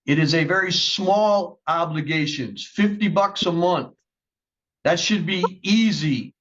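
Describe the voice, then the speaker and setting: A man's voice: fairly high pitch, a little slow, fairly bright tone, highs cut off. A man presiding as a judge at a court hearing, stern and lecturing.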